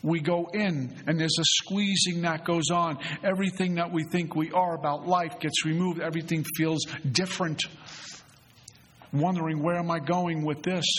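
Retreat facilitator, man, somewhat high husky voice, earnest and conversational, long hall reverb. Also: fairly bright tone. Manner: earnest, conversational, repeats phrases. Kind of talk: spiritual recovery talk.

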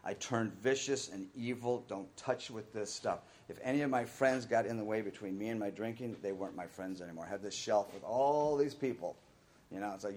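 A man's voice: mid-range voice, lively intonation, normal speed, a little hiss or hum. A middle-aged man telling his own recovery story in a candid, rambling way, sometimes acting out the voices of the people he quotes. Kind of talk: personal recovery talk.

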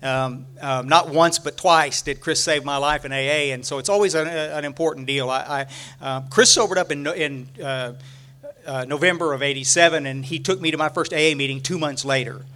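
An older Texan man speaks to a retreat crowd in a notably high voice. He talks in a folksy, rambling way, stumbles through restarts and fillers, and drifts into humorous stories. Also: fairly even intonation, normal speed, sharp tone. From Texas. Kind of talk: rambling humorous storytelling talk. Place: room at a retreat, talking to a live audience.

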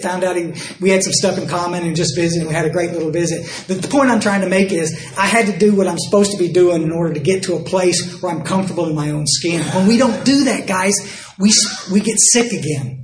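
An older Texan recovery speaker at a dinner event hall talks at a quick pace in a voice that sits high, acting out both sides of each exchange in his folksy, self-mocking stories. The sound is roomy, with slight background noise.

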